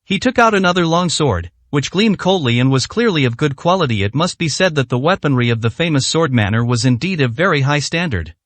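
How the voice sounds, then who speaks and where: Lively, fairly high male storyteller. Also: brisk, hardly any pauses, no echo. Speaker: narrator. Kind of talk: scripted story narration.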